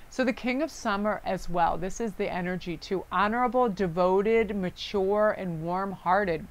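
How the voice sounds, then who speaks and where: A woman gives a casual tarot reading to her viewers, chatty and effusive. Her voice is smooth and clear at an ordinary middle pitch. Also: unhurried, few pauses. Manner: effusive, chatty, reads card texts aloud. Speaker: tarot card reader. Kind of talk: casual spiritual card reading.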